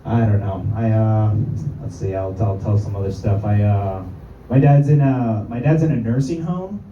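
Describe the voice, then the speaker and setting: A man rambles through a crude, self-mocking stand-up set in a very dark, mellow voice. He sounds distant and dull through the mic, with the room echoing around him. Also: lowish voice, moderate pace, slight background noise. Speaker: stand-up comedian.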